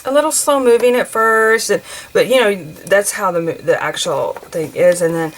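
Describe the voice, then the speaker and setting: Working on her craft journal, a woman in her forties from the US rambles in a mid-range voice at a moderate pace. As a craft vlogger she's chatty, full of fillers and false starts. The audio is rough, with a little background noise.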